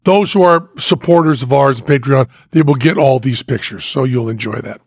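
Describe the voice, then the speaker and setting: A man hosting a podcast, telling a story in an animated, casual way and laughing as he goes. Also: medium pitch, a little fast, dry recording, clean studio sound. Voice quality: gravelly and husky. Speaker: podcast host.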